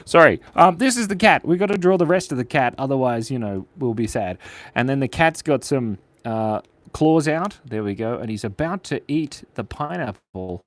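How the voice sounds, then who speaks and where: A man's voice: mid-range voice, sing-song, normal speed, no echo. A man hosting a casual livestream, chatting with viewers while he draws, joking and rambling with frequent laughs. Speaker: channel host and animator.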